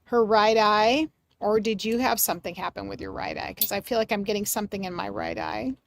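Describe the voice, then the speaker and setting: A woman hosting a live mediumship reading for her chat, gentle and reassuring, searching for words with many pauses and fillers. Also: mid-range voice, expressive, a little hiss or hum. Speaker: medium and livestream host.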